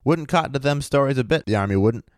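A man voicing a cheerful, rough old male prospector who drawls and teases with sly menace. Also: medium pitch, lively intonation, quick pace, dry recording, clean studio sound, lightly acted. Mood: sly, folksy. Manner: folksy drawl, teasing and sly.

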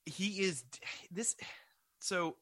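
A man co-hosting a podcast, steering the talk with questions, halting now and then with fillers. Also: high-pitched, pushed and bright, no echo. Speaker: podcast co-host. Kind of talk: casual podcast chat.

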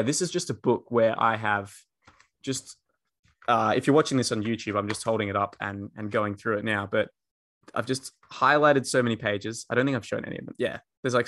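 A man's voice: fairly low pitch, a bit bright. A man co-hosting a podcast, chatting casually with many fillers and restarts. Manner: rambling, many ums and restarts. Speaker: podcast co-host. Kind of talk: casual chat.

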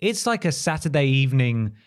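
A man's voice: medium pitch, sing-song, clear, resonant tone. A man co-hosting a casual film review podcast, chatty and wry. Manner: chatty, wry, quick asides. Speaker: podcast co-host.

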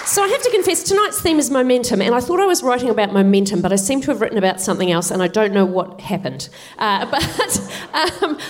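A woman comedian telling a comic story on stage with wry, self-deprecating asides. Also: mid-range voice. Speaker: co-host, stand-up comedian. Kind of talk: comic storytelling to live audience. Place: theatre stage, live audience.

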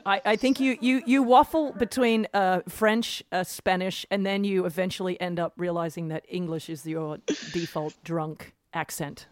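A woman's voice: lowish voice, steady tone, moderate pace, few pauses, no room sound. A woman co-hosting a podcast, chatty and self-deprecating, laughing easily. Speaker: podcast co-host, retired tennis pro. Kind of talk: casual podcast chat.

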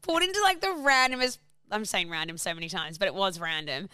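Woman co-host, bright crisp voice, dry mic, rambling chatty storyteller. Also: mid-range voice, animated, quick pace, dry recording. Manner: rambling storyteller, lots of fillers. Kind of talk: casual chat.

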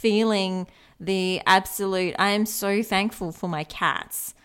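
A woman co-hosting a podcast, chatting casually with giggles and quick asides. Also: mid-range voice, steady tone, fairly bright tone, clean tone. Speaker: podcast co-host. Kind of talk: casual chat.

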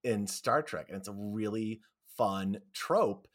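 A man co-hosting a podcast, giving excited, gushing reactions in casual chat. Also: fairly low pitch, slow pace. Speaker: podcast co-host.

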